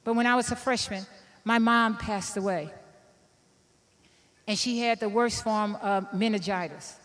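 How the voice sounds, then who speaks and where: A woman in her fifties from Illinois giving a keynote speech, telling a personal story in an animated way and laughing at herself. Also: medium pitch, a little slow, big-room sound. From Illinois, USA. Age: 50s. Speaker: keynote speaker.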